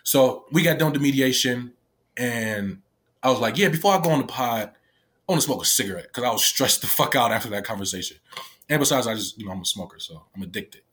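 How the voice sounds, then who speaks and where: A man's voice: medium pitch, lively intonation, fairly quick, a bit bright. A man telling a personal story to camera, tearful, rambling with lots of fillers and frequent swearing. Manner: rambling, peppered with "like" and "right?", swears freely. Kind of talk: casual emotional storytelling to camera.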